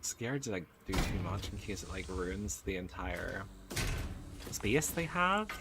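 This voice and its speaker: A man giving excitable let's play commentary, cooing at the baby creatures in his game. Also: sits low, a little slow, heavy background noise. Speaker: gaming channel host. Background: game music.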